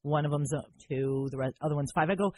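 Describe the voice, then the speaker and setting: A woman's voice: low voice, fast, slight background noise. A woman in her thirties co-hosting a casual podcast chat, telling stories and acting out what people said. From United States. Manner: animated storytelling with acted-out quotes. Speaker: podcast co-host.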